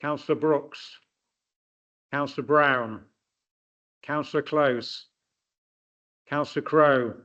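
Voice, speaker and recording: A man calling a roll call of names at a council meeting, reading them in a flat, list-like way. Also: fairly high pitch, takes it slowly, pauses often. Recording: dull, lo-fi chamber audio.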